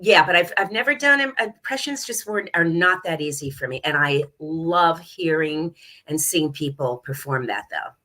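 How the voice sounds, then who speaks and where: A woman's voice: low-pitched, expressive, moderate pace, sharp tone. A woman, an actress guest on a video call, chatting in a rambling way with many fillers. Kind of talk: casual chat.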